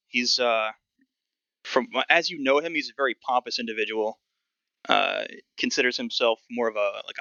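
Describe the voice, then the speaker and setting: A man narrating as game master of a tabletop game, relaxed and descriptive, with many fillers. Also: medium pitch, no echo, lo-fi sound.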